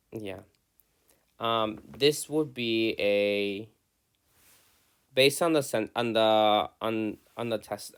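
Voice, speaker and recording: Guy teacher going over a student essay out loud, reads a bit then picks it apart, lots of restarts. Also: lowish voice, clean tone. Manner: reads student text aloud then comments, with many restarts. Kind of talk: reading and critiquing student writing aloud.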